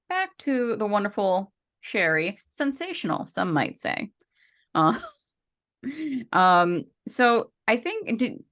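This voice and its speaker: Podcast co-host, female, low-pitched, chatty and loose, lots of ums and restarts. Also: a bit bright. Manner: chatty, rambling with many fillers and restarts. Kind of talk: casual podcast chat.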